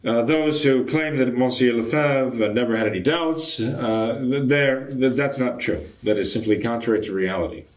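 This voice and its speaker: An older man, a traditionalist Catholic priest, answering a viewer's question in a measured, explanatory way with frequent hesitations. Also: medium pitch. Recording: echoey room.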